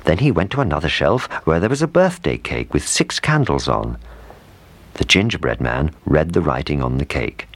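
A man reading a children's storybook aloud with expressive, lively intonation. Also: rumbling low, normal speed, no room sound.

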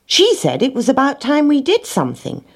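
A woman's voice: high voice, wildly swooping pitch, normal speed, creaky, husky, pitched above the performer's own voice, heavily acted. A woman voicing a clever, smug male rat in a storybook reading, sly and pleased with himself.

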